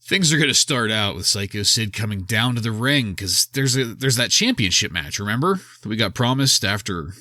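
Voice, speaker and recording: A man's voice: on the low side, sing-song, normal speed, few pauses, sharp tone, dry recording, clean studio sound. A man hosting a wrestling podcast, recapping an old episode in a wry, sarcastic casual style. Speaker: podcast host.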